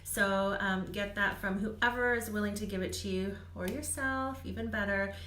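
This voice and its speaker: A woman's voice: mid-range voice, steady tone, moderate pace, a bit bright, a little hiss or hum. A woman doing live card readings for viewers, chatty and reassuring, laughing often and filling gaps with "um". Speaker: psychic reader. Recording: echoey room.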